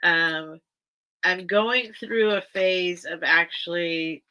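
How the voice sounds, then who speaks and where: Bright-voiced woman chatting slowly on a live stream. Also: on the low side. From grew up by the beach. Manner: rambling, self-interrupting, chatty. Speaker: host of a live vintage sale stream. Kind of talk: casual live-stream chat.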